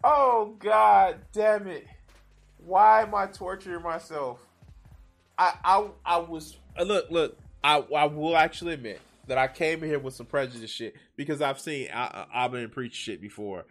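A man's voice: a little high, normal speed, fairly bright tone. A man hosting a reaction video, rambling and swearing in casual commentary. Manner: rambling, swearing, self-mocking.

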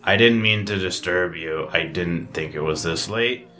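A man's voice: sits low, unhurried, bright, forceful tone, faint music behind. A man playing a tabletop game, tentative and chuckling as he describes his moves. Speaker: player. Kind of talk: casual tabletop role-play.

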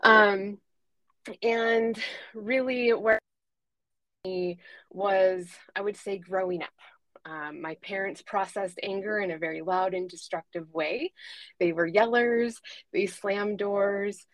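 A woman's voice: medium pitch, slow, fairly bright tone, dry recording, low-quality recording. A woman in her forties, a guest life coach for mothers, telling a candid personal story in an earnest way, with frequent ums and self-corrections. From United States.

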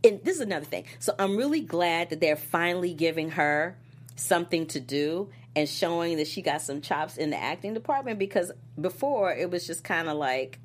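A woman co-hosting a casual chat show, animated, laughing often and acting out quotes. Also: moderate pace. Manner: animated, laughs often, acts out quotes with big pitch swings. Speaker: co-host. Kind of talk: casual chat reviewing a soap opera.

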